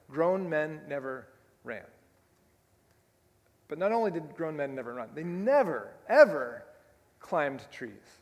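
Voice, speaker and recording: A male pastor preaches in a conversational way, with a voice a little higher than most men's. He often checks in with rhetorical asides. His words ring out with the long reverb of a church sanctuary. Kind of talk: sermon.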